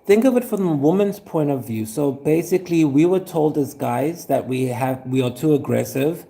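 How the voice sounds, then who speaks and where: An actor playing a suspicious, aggrieved former teacher who rambles with fillers and chuckles. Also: male voice, fairly high pitch, animated, moderate pace, gravelly, mellow. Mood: rambling aggrieved. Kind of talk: scripted monologue.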